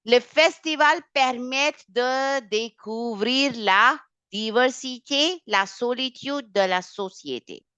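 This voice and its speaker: Brisk lady teacher on a video call, fairly high voice, dry close sound, keeps repeating stuff and correcting. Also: pushed and bright, clear, resonant tone, no echo, dull audio. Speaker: French teacher. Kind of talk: online exam-prep class.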